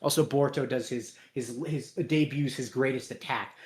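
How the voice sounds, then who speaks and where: A man hosting a casual chat, sarcastic and quick to laugh, swearing freely. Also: mid-range voice, fairly even intonation, a little mellow. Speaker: host.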